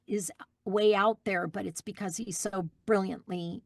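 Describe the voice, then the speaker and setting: A middle-aged woman sits in on an interview as a guest voice actress. She tells her stories in an animated way, with frequent fillers and restarts. Her voice is mid-pitched and the recording is dry and close. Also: a little slow, gravelly, no room sound. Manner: warm, animated storytelling with fillers. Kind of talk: casual interview chat.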